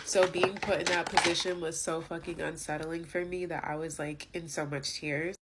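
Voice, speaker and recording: A woman's voice: low voice, little pitch movement, normal speed, heavy background noise. A young woman vlogger telling an indignant storytime rant, emphatic and full of fillers.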